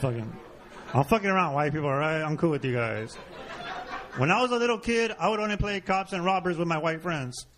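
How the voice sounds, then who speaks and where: A man with a slightly high voice delivers a stand-up set in blunt, profane punchlines. He is from a Mexican-American background and works a comedy club stage. The live recording carries clear room and audience noise around him.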